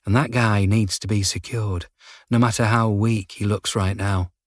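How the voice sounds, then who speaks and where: A man reading a calm, matter-of-fact nurse. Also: lowish voice, moderate pace, no room sound, clean studio sound, natural voice. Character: calm, unflappable female nurse. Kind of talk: audiobook character voice.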